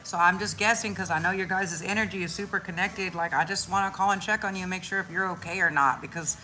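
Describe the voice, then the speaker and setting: A woman with a lowish voice talks fast and casually about spirituality, sounding loose and slangy. She swears freely and does little character voices while telling her stories, an animated storyteller who makes spiritual content.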